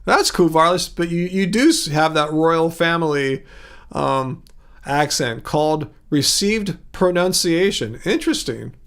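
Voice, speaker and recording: A middle-aged man from California hosts a casual livestream, chatting back to viewers' comments in a loose, halting way. His voice sits a little high for a man, and he sounds worn out, trailing off and laughing between thoughts. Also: animated, a bit bright. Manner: rambling, halting, laughs often, reads comments aloud. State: mentally tired. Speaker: livestream host reading chat.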